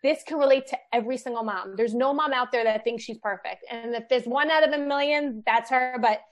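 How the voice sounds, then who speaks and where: Chatty young mom, animated storyteller. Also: female voice, a little high, fairly quick. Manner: animated storyteller, lots of "like" fillers. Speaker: guest, children's book author. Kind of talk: casual podcast chat.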